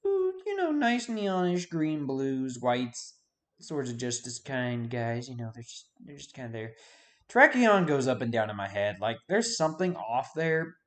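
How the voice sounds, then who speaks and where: A man's voice: medium pitch, sing-song, a little slow. A man giving casual video game commentary, rambling and forgetting names with self-deprecating asides. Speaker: YouTube host.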